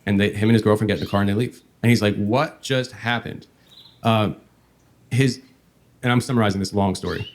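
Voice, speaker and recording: A man hosting a podcast, telling a long story in a meandering, halting way. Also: fairly low pitch, fairly even intonation. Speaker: podcast host.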